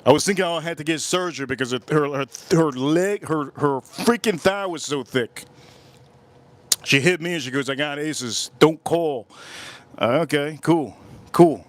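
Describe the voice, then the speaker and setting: Livestream guy rambling thru a story, says everything twice, kinda high voice, dry sound. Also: moderate pace, dry recording. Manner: rambling, repeats his phrases. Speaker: livestream host.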